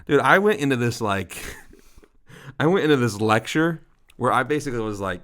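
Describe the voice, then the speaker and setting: His voice is mid-range, expressive and fairly bright, moving at a moderate pace. He's a man in his thirties co-hosting a ministry podcast, sharing a story in casual chat with lots of self-directed laughter.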